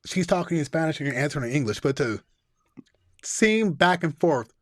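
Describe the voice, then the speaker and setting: A man from Northern California with a somewhat high voice chats on a podcast, tossing out blunt, joking opinions. His voice sounds dry and close to the mic. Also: lively intonation, fairly quick, dry recording. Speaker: podcast co-host. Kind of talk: casual chat.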